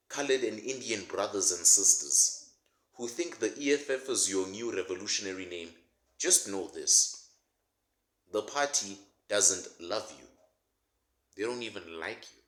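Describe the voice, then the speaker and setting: A man's voice: deep voice, fairly bright tone. A man delivering a sarcastic, mocking comedic rant as a political commentator, laughing at his own jokes. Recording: roomy echo.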